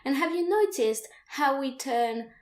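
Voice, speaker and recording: Slow-spoken woman teaching French phrases. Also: sits high, lively intonation, reverberant. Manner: slow, careful, repeats phrases for learners. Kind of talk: online language lesson.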